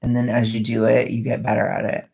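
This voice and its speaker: Very deep gravelly young woman vlogger. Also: monotone, quick pace. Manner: rambling, soft-spoken to keep quiet. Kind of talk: casual chat while wrapping gifts.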